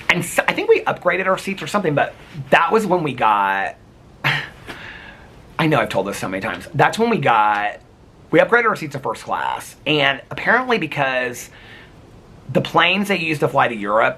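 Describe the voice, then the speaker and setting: A man vlogging in a casual storytelling voice, rambling and animated, with lots of fillers. His pitch jumps around a great deal and his tone is bright. A faint hiss of background noise sits under the recording.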